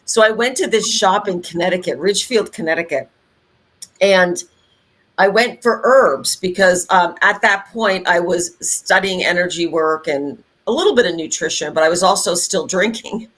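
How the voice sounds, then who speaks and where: A middle-aged woman co-hosting a podcast, chatting in an animated way with many fillers and restarts. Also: lowish voice, moderate pace. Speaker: podcast co-host. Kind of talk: casual conversational podcast chat.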